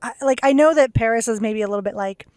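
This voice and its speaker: A young woman co-hosts a podcast, chatting casually, laughing often, and using lots of "like." Her voice is on the high side, fast, a little mellow, clear, and resonant, in a dry recording.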